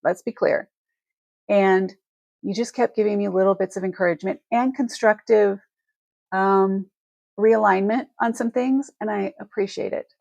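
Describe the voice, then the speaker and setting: A woman's voice: medium pitch, steady tone, a little slow, vocal fry, pauses often, darkish tone, dry recording, highs cut off. A woman hosting a live selling stream, talking to her viewers in a heartfelt, rambling way with many restarts, emotional and close to tears.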